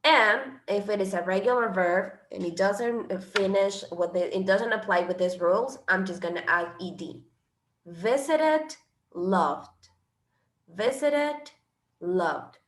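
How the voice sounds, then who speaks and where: She delivers her English grammar lesson at a normal pace with few pauses, her medium-pitched tone steady and a bit bright. A native Spanish speaker, she alternates between Spanish and English as she explains patiently, and the room echoes.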